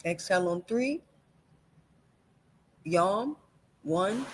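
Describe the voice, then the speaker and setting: Man slowly guiding a breathing exercise. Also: on the high side. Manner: calm, slow counting instructions with warm laughs. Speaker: guest numerologist leading a sound exercise. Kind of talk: guided breathing and toning exercise.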